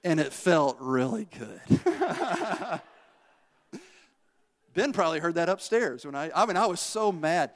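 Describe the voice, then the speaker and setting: High-voiced guy pastor preaching, lively storytelling, big churchy reverb. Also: slow pace, pauses often. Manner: animated storytelling, shouts at peaks. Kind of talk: sermon. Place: church sanctuary. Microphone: handheld or stage mic.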